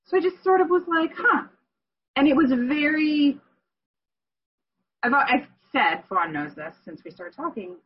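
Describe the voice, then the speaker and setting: A woman talks through a personal story in a husky, slightly breathy voice, often stopping to correct herself. The sound is dull and lo-fi, like audio from an online call. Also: medium pitch. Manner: rambling, self-correcting, emotional. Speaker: group member sharing. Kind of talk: candid personal sharing.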